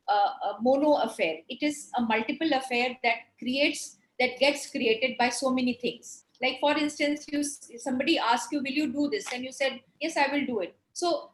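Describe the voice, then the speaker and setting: A woman's voice: high voice, roomy sound, low-quality recording. A woman lecturer explaining drama in an online class, with many fillers and restarts.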